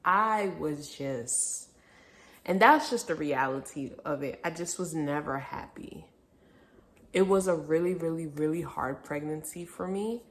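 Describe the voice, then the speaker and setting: A woman's voice: low voice, fairly bright tone. A young woman vlogger telling a personal story in a candid, reflective way, now and then laughing through hard memories. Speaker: vlogger, mother. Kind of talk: casual personal storytelling to camera.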